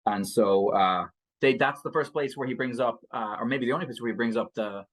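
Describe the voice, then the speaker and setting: A podcast co-host on a book show, this man speaks at medium pitch, a little fast, in a fairly bright, husky voice. The chat is casual, and he chuckles often, using many fillers and stopping to restart his sentences.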